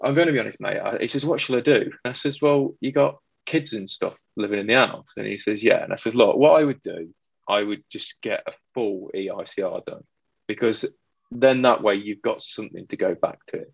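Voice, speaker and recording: A man's voice: on the low side, a little fast, creaky, slightly rough, no echo, highs cut off. A man working as an electrician tells a work story in casual chat, acting out both sides of the dialogue.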